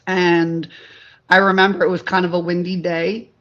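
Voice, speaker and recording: A woman from Delaware, a talk show guest, telling lively stories in casual chat and laughing often. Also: fairly low pitch, moderate pace, dull audio. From Delaware, USA. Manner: animated storyteller, laughs often.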